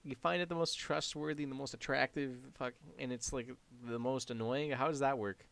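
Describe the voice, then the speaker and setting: Young Canadian guy, light accent, deadpan and wry, casual stream banter. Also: medium pitch, brisk, creaky, clear, resonant tone. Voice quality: flat, deadpan delivery. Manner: wry, sarcastic reactions. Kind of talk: casual gaming stream chat.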